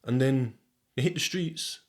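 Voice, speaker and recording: A man's voice: medium pitch, unhurried. A young man with a Sheffield accent, hosting a casual monologue podcast, rambling and swearing freely as he laughs often. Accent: Sheffield English. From England. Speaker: podcast host.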